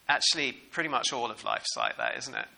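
A New man preaching a sermon in an animated, conversational way and putting questions to the congregation. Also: mid-range voice, brisk, creaky, low-quality recording.

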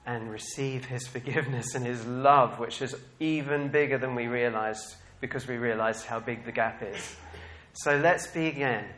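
A man preaching a sermon to his congregation, animated and laughing often, swinging from quiet reflection to loud bursts of excitement. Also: medium pitch.

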